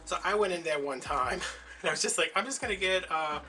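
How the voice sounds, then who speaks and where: A man's voice: on the high side, fairly quick, pushed and bright, faint music behind. A man chatting casually while he makes a craft, telling stories and acting out the voices of people in them. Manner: chatty storyteller, acts out quoted voices. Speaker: crafting vlogger.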